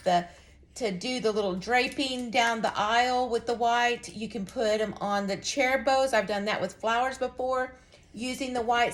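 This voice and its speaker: A woman giving a casual, folksy craft lesson, chatting to viewers as she demonstrates. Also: fairly high pitch. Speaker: craft instructor.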